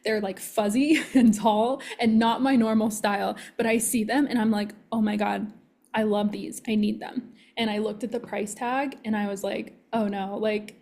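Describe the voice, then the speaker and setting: A woman who works as a manifestation coach, telling an animated story in casual podcast chat and acting out her own thoughts. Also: mid-range voice, moderate pace, creaky.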